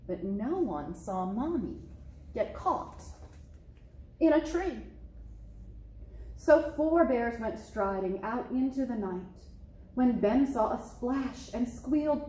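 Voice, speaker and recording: A woman's voice: on the high side, slow pace, slight background noise. A woman, a children's librarian, reading a picture book aloud expressively, recorded in an echoey room. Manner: expressive, storytelling.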